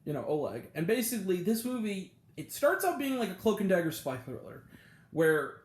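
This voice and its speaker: A man's voice: high voice, sing-song, normal speed, roomy sound. A man hosting a casual movie review show, rambling along with lots of ums and self-corrections. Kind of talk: casual spoken film review.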